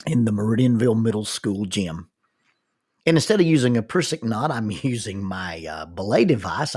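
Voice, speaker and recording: A man telling a personal story in a folksy, self-mocking way, speeding up and slowing down for effect. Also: on the low side, husky.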